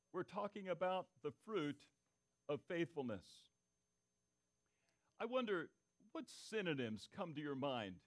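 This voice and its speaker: Pastor preaching, voice pitched fairly high. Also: male voice. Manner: interactive, asks the congregation for answers; repeats key phrases for emphasis. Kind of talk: sermon.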